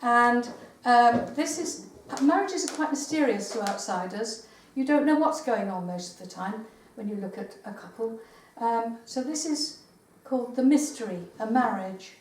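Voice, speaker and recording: An older woman poet giving a live poetry reading in a meeting house, with measured recitation and hesitant spoken asides. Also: a little high, expressive, a little hiss or hum. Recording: roomy live recording from far off.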